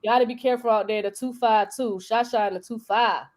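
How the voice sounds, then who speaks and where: Young female host with a North Carolina accent, chatty and teasing, higher-pitched. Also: fast talker. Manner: animated, joking, slangy. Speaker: crypto show host. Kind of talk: casual live-stream chat.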